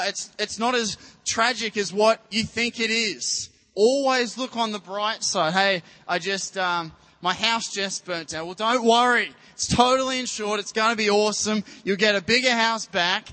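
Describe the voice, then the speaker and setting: A man's voice: high voice, pushed and bright, long reverb tail. A man preaching as a youth pastor in a church, earnest and rambling, with many restarts. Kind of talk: sermon.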